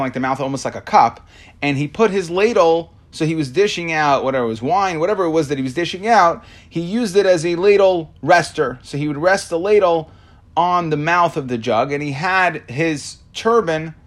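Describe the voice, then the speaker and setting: A man's voice: on the high side, expressive, moderate pace. A man teaching a Talmud class, reading Aramaic lines and translating them, explaining with many fillers and restarts. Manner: reads Aramaic then translates.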